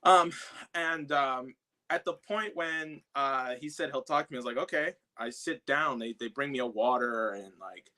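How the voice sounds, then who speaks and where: Man, from the South Bronx, casual storytelling, bright tone, lots of fillers. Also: medium pitch, normal speed. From South Bronx, New York. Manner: storytelling with many fillers and restarts. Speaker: guest, activist who confronted a congressman. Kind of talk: casual podcast chat.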